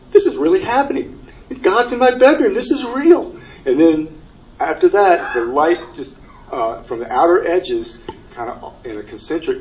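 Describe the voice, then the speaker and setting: A man's voice: on the low side, darkish tone. A middle-aged man giving an earnest personal testimony to a conference audience, his storytelling growing emotional when he is moved. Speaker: panel speaker sharing his near-death experience. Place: conference room before an audience. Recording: distant, dull mic with faint hiss.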